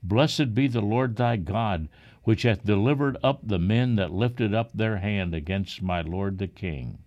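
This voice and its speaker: A man's voice: on the low side, measured pace, dull audio, natural voice. Earnest young messenger, read by a man. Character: eager young male messenger.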